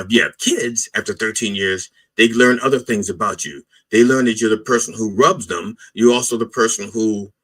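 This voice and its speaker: A man's voice: on the low side, a bit bright, breathy edge, rough recording. A man hosting a podcast as a comic mock reverend, riffing bluntly in a rambling monologue. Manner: blunt, riffing, repeats itself with "all right?" and "okay?".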